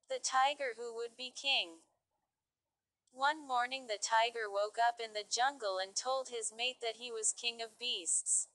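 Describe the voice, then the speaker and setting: A woman's voice: on the high side, sharp tone, low-quality recording. A woman reading stories aloud carefully for English learners. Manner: careful, clear reading pace. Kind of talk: slow read-aloud narration.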